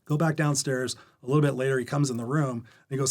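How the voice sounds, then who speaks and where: A man guesting on a podcast, talking at a rapid clip in a voice that is neither high nor low. He tells his stories with energy and candor. He slips into the other characters' lines as he recounts them. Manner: energetic, candid storyteller who acts out quoted dialogue. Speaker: guest coach. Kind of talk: storytelling interview chat. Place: podcast recording.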